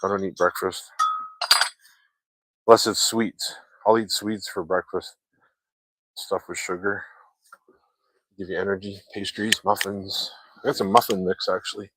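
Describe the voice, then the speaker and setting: A man with a fairly low voice talks loosely to his viewers, drifting from one story to the next and swearing often. The sound is dry and close, with no room around it. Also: little pitch movement, unhurried, long pauses, fairly bright tone, no room sound. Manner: loose, chatty, swears freely, laughs often. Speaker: vlogger chatting with viewers. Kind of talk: casual rambling chat.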